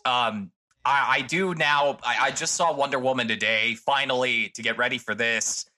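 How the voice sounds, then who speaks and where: A man in casual podcast chat about a film, animated, joking and often swearing. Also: medium pitch.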